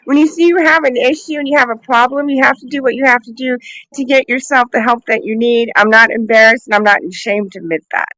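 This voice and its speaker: A woman's voice: fairly high pitch, fast, fairly bright tone, dry recording, rough recording. A woman calling in as a guest on a live show, speaking bluntly and frankly and swearing freely. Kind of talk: candid live call-in conversation.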